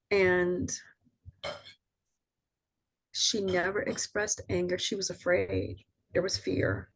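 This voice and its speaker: Soothing, husky older woman storyteller. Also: fairly low pitch. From Southern US. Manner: soothing, reflective, lively when quoting others. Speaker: poet, interview guest. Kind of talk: reflective storytelling interview.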